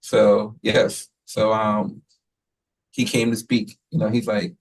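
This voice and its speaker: A man who leads a school, giving a relaxed, rambling report to the board, full of fillers and quoted asides. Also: lowish voice, slow, vocal fry, husky, recorded from a distance, poor audio. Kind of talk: casual spoken report at a meeting.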